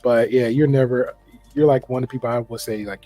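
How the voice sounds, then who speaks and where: A man in casual podcast conversation, talking in a relaxed slangy way with lots of restarts and fillers. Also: mid-range voice, fairly quick, soft background music.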